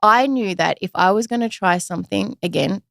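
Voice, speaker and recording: A woman in her thirties telling a personal story in a casual interview, chatty and animated, acting out the voices of the people she quotes. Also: mid-range voice, fairly quick, gravelly, dry recording, clean studio sound. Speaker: podcast guest, usual host.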